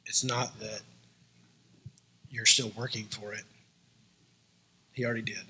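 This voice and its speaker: A man speaking as a guest at a church service, offering gentle, earnest encouragement and chuckling at himself. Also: fairly low pitch, level tone, measured pace, breathy edge, low-quality recording. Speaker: church guest sharing his story. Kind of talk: heartfelt encouragement.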